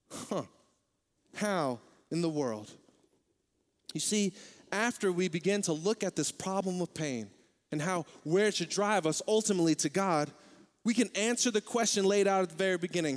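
A young man preaching a sermon as pastor, talking in a candid, conversational way and growing animated. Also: high-pitched, in a large hall.

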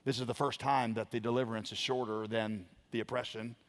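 A man preaching a sermon, building to loud emphatic lines and dropping to quiet ones. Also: mid-range voice, flat delivery, fairly quick. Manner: emphatic preaching, dramatic swings in volume. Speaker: pastor.

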